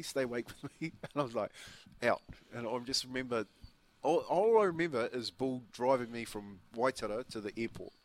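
Rambling New Zealand man in his fifties. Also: mid-range voice. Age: 50s. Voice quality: rambling storyteller, restarts and laughs. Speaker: radio breakfast co-host. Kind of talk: casual chat.

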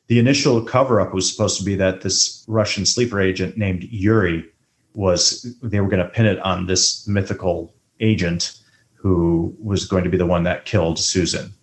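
A man talking movies on a podcast in relaxed banter. His voice sits a bit low but jumps up when he gets into a bit, playful and sarcastic. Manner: animated, jokey, rises high when riffing. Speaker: podcast co-host. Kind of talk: casual movie podcast chat.

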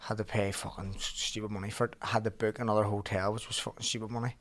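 Animated swearing Belfast man telling stories. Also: lowish voice, fast. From Northern Ireland. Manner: animated storytelling, heavy swearing. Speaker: podcast guest, boxer. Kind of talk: casual chat.

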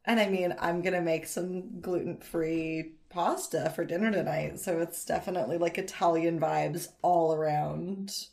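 Female co-host, lowish voice, casual and wry. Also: steady tone, moderate pace, gravelly, hardly any pauses, darkish tone. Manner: dry, teasing asides. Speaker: podcast co-host. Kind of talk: casual podcast chat.

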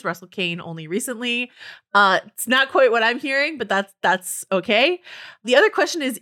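A woman with a bright, clear voice leads a casual podcast discussion. She is playful and keeps turning the talk over to her co-hosts with questions. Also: on the high side. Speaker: podcast host.

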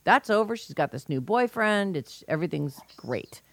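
Woman, lowish voice, lively questioner in casual chat, dry close mic. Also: moderate pace, no room sound. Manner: curious, asks questions with a lively swing.

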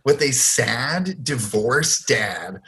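A man's voice: mid-range voice, expressive, extremely slow, fairly bright tone. A man co-hosting a podcast, chatting casually and animatedly, laughing as he retells scenes. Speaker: podcast co-host. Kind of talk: casual chat.

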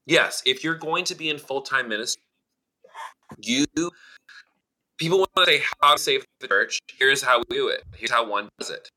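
Blunt, swearing male co-host with a sharp, very bright tone. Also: mid-range voice, normal speed. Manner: blunt and emphatic, swears freely. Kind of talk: casual chat.

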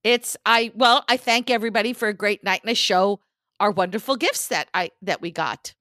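A woman co-hosting a podcast, telling stories in casual chat with a hoarse, strained voice and a teasing, animated manner. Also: medium pitch, normal speed, no echo, clean studio sound. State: hoarse, lost voice. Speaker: podcast co-host.

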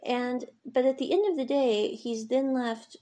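A woman's voice: high-pitched, a little slow, mellow. A woman casually recapping a drama episode, retelling scenes in a chatty, rambling way with lots of fillers. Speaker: series recap reviewer.

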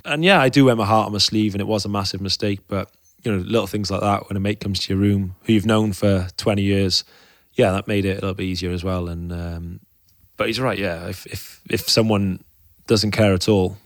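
A man's voice: deep voice, dry recording, clean studio sound. A man in his thirties, a guest talking frankly and with feeling in a podcast interview, often restarting his sentences. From Wales. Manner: frank and openly emotional, rambling with restarts. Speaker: guest, professional cyclist.

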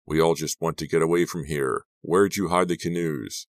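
A man doing a calm, worried teen leader. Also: a bass voice, normal speed, gravelly, no echo, clean studio sound. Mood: reassuring. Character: steady teenage boy leader, worried.

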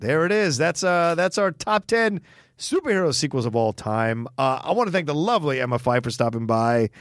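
Animated man hosting a casual chat. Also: on the high side, fairly quick, dry recording, studio quality. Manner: animated, laughing, swears casually. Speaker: podcast host.

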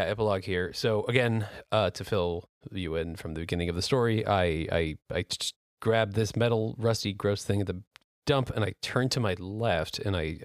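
A man's voice: lowish voice, no room sound, clean studio sound. Man telling a profane story casually. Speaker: podcast co-host.

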